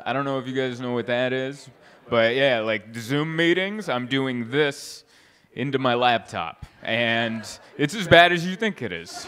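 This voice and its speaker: A young adult man doing a stand-up comedy set, telling stories in an animated way, voicing the people he quotes with big jumps in pitch and laughing at his own jokes.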